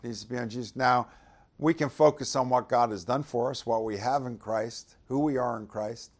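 Man, sermon preacher, mid-pitched voice, casual "you know" delivery, rises loud on verses. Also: normal speed. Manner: conversational preaching, frequent "you know", rhetorical questions; loud dramatic swells when reading verses. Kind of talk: sermon with scripture reading.

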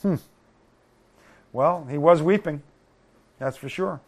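Gravelly man preaching through scripture. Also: a little high, takes it slowly, a little mellow. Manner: reads scripture aloud, breaks off with folksy asides. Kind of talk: Bible study sermon.

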